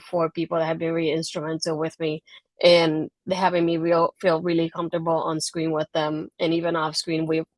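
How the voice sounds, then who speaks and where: Brief: Puerto Rican woman, low and level voice, dry sound, interview guest. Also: no room sound. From Puerto Rico. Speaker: guest, wrestling blogger. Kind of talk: casual interview answer.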